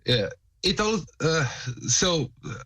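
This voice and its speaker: Man, co-host, casual chat, hesitant, lots of restarts, slightly high voice. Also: very animated, slow pace, bright, forceful tone. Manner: hesitant, searching for words, many restarts. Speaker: co-host and music producer.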